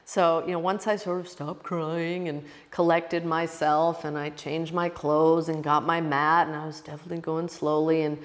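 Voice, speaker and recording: A woman yoga teacher telling a personal story in an emotional, expressive way, often restarting her sentences. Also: low voice, long reverb tail.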